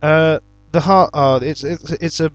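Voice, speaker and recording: A man's voice: on the high side, steady tone, measured pace, no echo, lo-fi sound. Chatty young British man, dry close sound. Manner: chatty storyteller, flares into loud exasperated shouts. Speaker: YouTube gaming channel host. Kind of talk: casual Q&A answering viewer comments.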